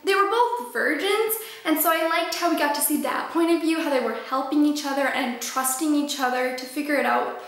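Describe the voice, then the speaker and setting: A young woman giving a gushing, excitable book review in casual talk. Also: high-pitched, brisk. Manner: gushing, excitable, lots of fillers. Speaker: book vlogger. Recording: very echoey room.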